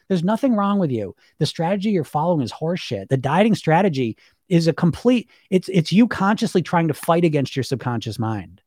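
Middle-aged guy coach rambling casual, kinda high voice, dry close sound, lots of "you know what i mean". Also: lively intonation, a little fast, darkish tone, no room sound. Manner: chatty, emphatic, repeats fillers, swears casually, laughs often. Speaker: weight-loss hypnosis coach. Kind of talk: casual monologue.

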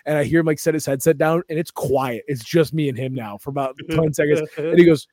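A man co-hosting a comedy podcast, telling stories in a casual, animated way and acting out the voices of people he quotes. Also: a little high, fast, dry recording, studio quality. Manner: animated storytelling, acts out quotes. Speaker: podcast co-host.

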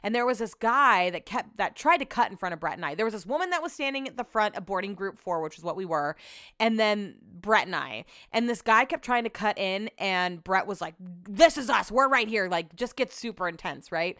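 A young woman chats through a travel story on her podcast in a loose, animated way, peppering her sentences with "like" and the odd swear word. Her voice is smooth and clean, recorded close in a dead, dry space. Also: medium pitch, fairly quick, no room sound. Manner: chatty, lots of "like", swears casually, animated retelling. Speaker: podcast host. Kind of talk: casual storytelling chat.

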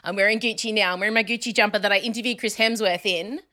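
A woman co-hosting a podcast in casual chat, animated and joking, slipping into mock voices for laughs. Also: mid-range voice, quick pace. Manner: animated, puts on mock accents for jokes. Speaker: podcast co-host.

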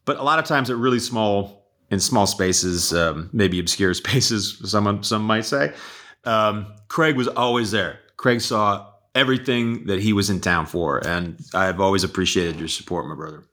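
A man's voice: on the low side, normal speed, a bit bright. A man, an actor, chatting casually as a podcast guest, joking and laughing easily. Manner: laughs often, self-deprecating asides.

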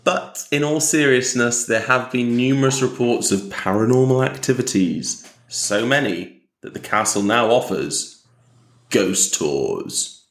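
A man's voice: medium pitch, unhurried, a bit bright, echoey room. A man co-hosting a casual podcast, joking and teasing and laughing often. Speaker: podcast co-host.

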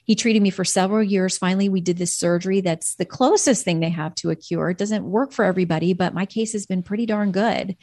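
A woman's voice: medium pitch, fast talker, hardly any pauses, darkish tone, no room sound, studio quality. A woman earnestly telling a personal faith story as a podcast guest, quoting her own prayers.

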